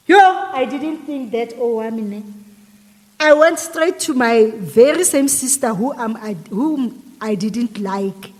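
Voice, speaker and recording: Woman, emotional retelling, higher pitch, reverberant room. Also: unhurried, a little mellow. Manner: emotional, repetitive retelling full of quoted dialogue. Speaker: storyteller. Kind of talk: personal storytime monologue.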